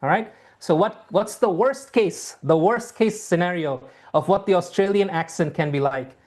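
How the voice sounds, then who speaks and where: An IELTS teacher in an online lesson talks students through the material. The delivery is repetitive and reassuring, full of ums and restarts, at a middling pitch. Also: normal speed, darkish tone.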